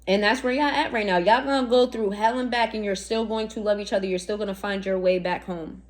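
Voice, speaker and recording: A woman with a medium-pitched, fairly even voice gives a brisk, casual tarot reading. She's blunt and profane, leaning on slang and firing rhetorical questions straight at the listener.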